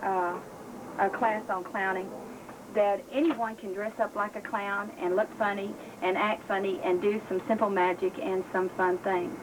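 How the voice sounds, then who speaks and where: A woman's voice: medium pitch, flat delivery, measured pace, noisy background. A woman with a Southern accent teaching gospel clowning and balloon twisting in a folksy, chatty way with many fillers. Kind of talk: casual instructional talk.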